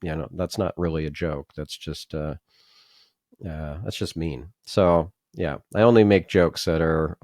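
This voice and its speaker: Deep voiced host guy, slow and careful, dry sound. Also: fairly even intonation, darkish tone, no room sound. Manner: slow, measured, hesitant. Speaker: podcast host. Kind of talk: interview questions and chat.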